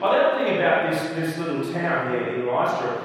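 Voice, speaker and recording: A man teaching through a Bible passage in a lively, self-deprecating way, acting out the quoted lines. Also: fairly high pitch, a little fast, distant mic. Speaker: preacher. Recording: echoey hall, voice from afar.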